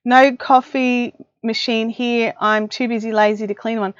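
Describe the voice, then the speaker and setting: On a casual livestream from her home craft room, a middle-aged woman with an Australian accent chats with viewers and makes fun of herself. Her voice is on the high side, steady and clean in tone, a little slow. The dry, dull, lo-fi recording comes via a desk mic, and she's wearing headphones.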